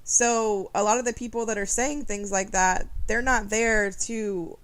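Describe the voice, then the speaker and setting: A woman's voice: mid-range voice, steady tone, unhurried, poor audio. A young woman streaming a mobile game, chatting casually and frankly, often laughing as she gives her opinions. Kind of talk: casual live-stream commentary.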